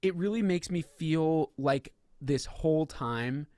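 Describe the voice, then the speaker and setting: A man's voice: a little high, slow, a little mellow, no echo. A man co-hosting a podcast, chatting casually about sports, emphatic and full of swearing, often acting out what others said. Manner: profane, emphatic, acts out quotes. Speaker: podcast co-host.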